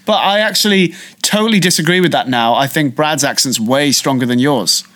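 A man co-hosting a podcast in casual chat, talking in a chatty, animated way. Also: a little high, a little fast. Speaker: podcast co-host.

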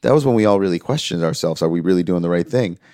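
Deep-voiced man telling an emotional story. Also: fast, dry recording, clean studio sound. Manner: earnest, quotes others in lively voices. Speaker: music manager, interview guest.

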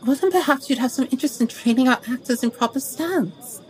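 A woman's voice: high-pitched, expressive, a little fast, darkish tone, voice pushed up, rough recording. A woman voicing a haughty Regency society lady who delivers sweetly polite, cutting remarks in a tabletop role-play. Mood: gushing. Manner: sweetly barbed, mock-polite.

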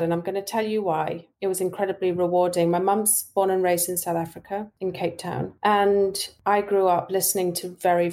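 A woman's voice: medium pitch, a little mellow. A British woman, an actress and audiobook narrator, speaking candidly and with feeling as an interview guest. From Britain. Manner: candid, heartfelt storytelling. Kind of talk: interview chat.

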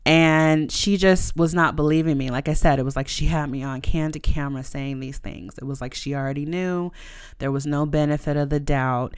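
A woman's voice: low voice, fairly even intonation, moderate pace, clear, resonant tone, no room sound, studio quality. A young adult woman hosting a podcast, telling a personal story frankly and emotionally, with casual swearing and lots of fillers. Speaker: podcast host.

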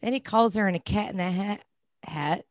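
Blunt woman who swears a lot, mid pitch, dry close mic, snarky tv gossip. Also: normal speed, dry recording. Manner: blunt, profane, acts out mocking voices. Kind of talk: casual chat about a reality show.

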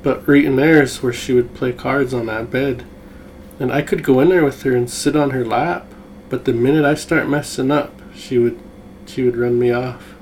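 A man hosting a podcast, chatting in a relaxed, reminiscing way. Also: medium pitch, moderate pace, a little hiss or hum, poor audio. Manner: relaxed, reminiscing, backchannels often. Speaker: podcast host. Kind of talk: casual conversation.

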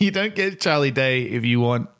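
A man's voice: mid-range voice, animated, moderate pace, a bit bright, clear, resonant tone. Joking, sweary man in his forties. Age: 40s. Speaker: podcast co-host. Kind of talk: casual banter.

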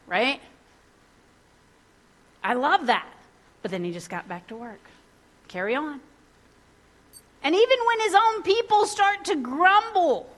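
A woman, preaching a sermon in a lively, conversational way and acting out the people in the story. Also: high voice. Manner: lively, conversational, acts out biblical characters in casual voices.

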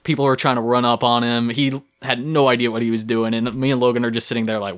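A man's voice: medium pitch, level tone, quick pace, few pauses, a bit bright. Young guy podcast cohost, tells the story vividly and playfully, mid voice. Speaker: podcast co-host. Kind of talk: casual storytelling chat.

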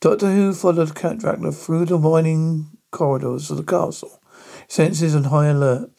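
A man reading a spooky story aloud in a halting manner, stumbling over words. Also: fairly high pitch, fairly even intonation, vocal fry, warm tone. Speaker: narrator.

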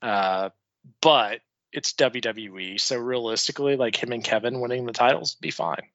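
Young man, podcast co-host, bright forceful voice, dry lo-fi mic. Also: mid-range voice, moderate pace, dry recording. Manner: opinionated, profane, chuckling. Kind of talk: casual podcast chat.

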